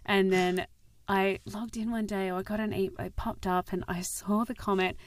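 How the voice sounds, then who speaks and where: A young woman with an Australian accent, a former kids' TV host, chatting as a podcast guest, animated and quick to laugh as she acts out quotes. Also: medium pitch, no room sound. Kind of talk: casual chat.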